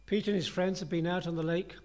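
In a fast-paced sermon, a man with a somewhat higher-than-average voice guides his congregation through a passage. His manner stays relaxed and conversational, earnest and thoughtful.

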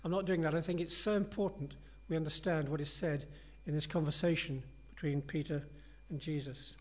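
Guy preaching a sermon, chatty and earnest, bit higher voice than usual for a man. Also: fairly even intonation, a little fast. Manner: conversational, earnest and reflective.

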